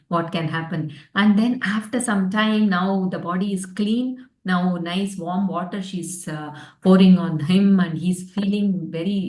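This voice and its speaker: A woman with a somewhat low voice, teaching a spiritual class and telling a story in a gentle, reflective way. She often pauses to search for her words. The sound is roomy and picked up from a mic set some way off. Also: far from the mic. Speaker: spiritual study group teacher.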